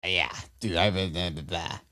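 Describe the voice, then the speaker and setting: A low-voiced man with a steady but pushed, bright tone co-hosts a podcast, relating stories in a casual, rambling fashion and often starting over. The studio-quality sound has no room reverb.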